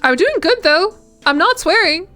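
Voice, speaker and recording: A woman's voice: very high-pitched, animated, normal speed, sharp tone, no room sound, soft background music. A young woman streamer chatting casually while gaming, rambling and self-deprecating.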